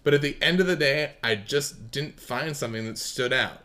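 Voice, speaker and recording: A man judging writing contest entries, blunt, sarcastic and profane, swinging between loud bursts and muttered asides. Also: mid-range voice, normal speed. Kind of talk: recorded critique of contest entries.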